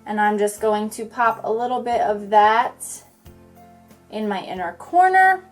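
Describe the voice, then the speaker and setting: Fast-talking bubbly young woman vlogger. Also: mid-range voice, faint music behind. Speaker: beauty vlogger. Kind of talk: chatty makeup tutorial talk-through.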